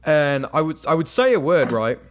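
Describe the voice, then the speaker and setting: A man's voice: a little high, very animated, normal speed, a little hiss or hum. Young man with a British-American accent. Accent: mixed British and American. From United Kingdom. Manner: hesitant, many fillers and restarts. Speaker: podcast host. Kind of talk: casual chat.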